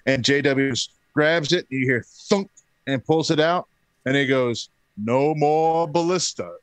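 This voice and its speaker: A man in his thirties tells a story in relaxed, casual talk. He jumps up in pitch to act out what others said, and his voice sounds dry and close to the mic. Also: measured pace, no room sound. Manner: animated, acts out quotes. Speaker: podcast guest.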